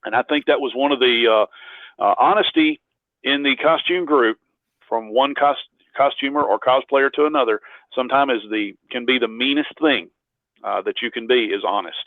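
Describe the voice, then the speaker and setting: A man's voice: medium pitch, normal speed, dry recording. Man rambling over a tinny line. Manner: rambling anecdotes with frequent restarts. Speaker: interview guest, cosplayer. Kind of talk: casual interview storytelling.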